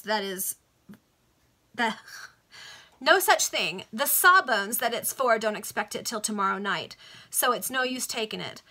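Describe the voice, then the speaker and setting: Casting: a woman playing a sulky, rough male housebreaker in a storybook reading, bright voice. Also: mid-range voice. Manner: sulky, rough street speech. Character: sulky thuggish male burglar.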